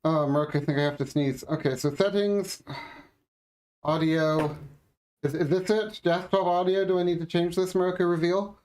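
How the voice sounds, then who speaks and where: A man's voice: a little high, fairly even intonation, normal speed, a little mellow. A man co-hosting a game playthrough who chats in a playful, easily distracted way and asks a lot of questions. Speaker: co-host. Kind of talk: casual gameplay chat and reading game text aloud.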